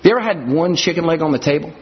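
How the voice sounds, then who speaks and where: A man preaching a sermon in an animated way, acting out scenes from scripture and everyday life. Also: on the high side, very fast. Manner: animated, acts out scenes in character voices. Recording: dull lo-fi audio.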